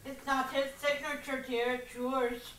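A woman acts a kindly elderly aunt who talks in a soft, earnest, motherly way. Her voice is high and bright. It is picked up from a distance in a reverberant hall with light hiss. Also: little pitch movement, unhurried. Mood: gentle, earnest. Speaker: stage actor. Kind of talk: amateur stage play. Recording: echoey stage, far mic, light noise.

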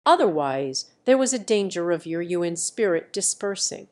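A woman reading the part of a brash, easygoing young male martial hero who talks in a calm, lecturing, self-assured way. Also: on the low side, moderate pace. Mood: explaining.

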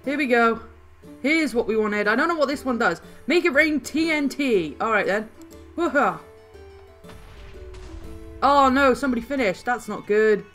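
A woman playing a video game and commenting as she goes, excitable, often crying out and repeating words when things go wrong, a little hoarse. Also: fairly high pitch, moderate pace, pauses often. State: slightly hoarse. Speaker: gaming channel host. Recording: faint background music.

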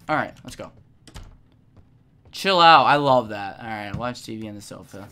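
A young woman streaming a game, giving casual commentary with lots of swearing and sudden shouts. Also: extremely low pitch, normal speed, pauses often. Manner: profane, excitable, frequent shouting.

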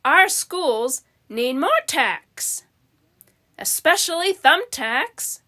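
A woman voicing an earnest, literal-minded housekeeper in a storybook, speaking slowly and emphatically. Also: high voice, animated, pushed and bright, full character voice.

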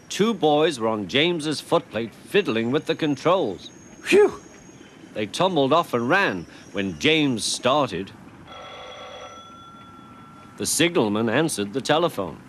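A man narrating a children's railway story in an animated, expressive way. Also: mid-range voice, a little hiss or hum. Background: music.

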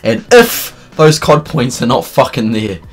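A man giving gaming commentary from home late at night, loud and profane, ranting and laughing as he plays. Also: medium pitch, very animated, measured pace, soft background music. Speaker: gaming video creator.

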